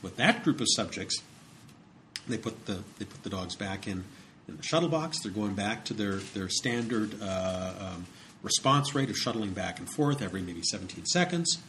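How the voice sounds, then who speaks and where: A man's voice: fairly low pitch, pushed and bright, a little hiss or hum. A man lecturing in a conversational way, with frequent fillers and repeated words as he explains. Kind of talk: recorded psychology lecture.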